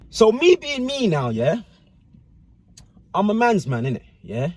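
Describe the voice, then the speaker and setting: A man's voice: high-pitched, wildly swooping pitch, moderate pace, pauses often, darkish tone, husky. A man telling a casual personal story to camera in slangy speech with constant tag questions.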